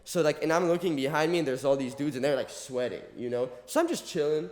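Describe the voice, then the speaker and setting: A man from Mexico co-hosting a podcast, telling a story in a casual, animated way, swearing often and acting out what other people said. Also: on the high side, fast talker. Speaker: podcast co-host. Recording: roomy echo.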